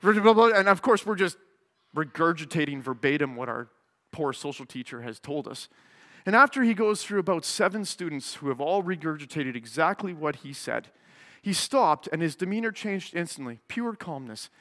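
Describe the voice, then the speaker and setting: A pastor tells a story from the pulpit in a high, bright voice and acts out its people as he goes. Long reverb from the church hall hangs on every word. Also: moderate pace. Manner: animated, acts out the people in his stories. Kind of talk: sermon with storytelling.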